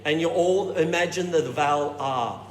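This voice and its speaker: A man leading a choir warm-up workshop, explaining technique and showing it with hums and falsetto sounds. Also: normal speed. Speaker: choir director. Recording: roomy hall with reverb and noise.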